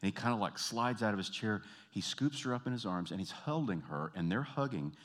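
Low-voiced man preaching with animated storytelling. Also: a little fast. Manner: animated storyteller, acts out quoted voices, drops to soft intimate appeals. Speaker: pastor and counselor. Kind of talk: storytelling sermon.

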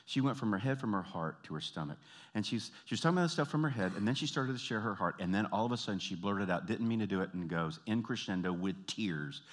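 A pastor and counselor preaches in a storytelling sermon style, acting out the people in his story and dropping into soft, intimate appeals to his listeners. His voice is on the low side, quick, with lively intonation.

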